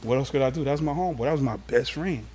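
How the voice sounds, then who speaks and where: A man's voice: medium pitch, very fast, husky. A man from Los Angeles, a guest in an interview, telling stories of his youth in a casual, streetwise way. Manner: animated, streetwise storytelling.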